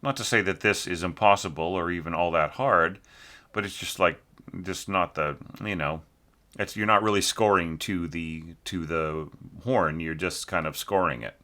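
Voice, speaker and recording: Critiquing a score in a laid-back orchestration lesson, a man stops and starts with frequent fillers and sings phrases to demonstrate. His low-pitched voice sounds bright and forceful.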